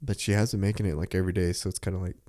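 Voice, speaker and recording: Laid-back young man, lowish voice. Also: level tone, very fast, mellow. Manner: rambling, with many filler likes and laughs. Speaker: podcast host. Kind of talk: casual chat.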